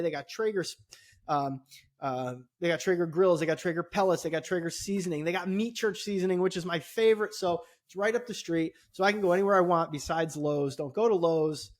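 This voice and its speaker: A middle-aged man co-hosting a podcast, telling a story casually with lots of swearing, his voice climbing sharply when he gets indignant. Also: high voice. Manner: animated, swears often, voice rises when indignant. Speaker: podcast co-host.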